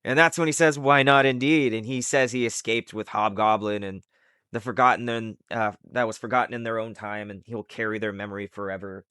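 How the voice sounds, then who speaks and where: A man's voice: fairly low pitch, brisk, sharp tone, smooth, no room sound, studio quality. A man casually retelling a comic book's plot in a loose, rambling way full of fillers. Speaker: comic recap host. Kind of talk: casual comic book recap.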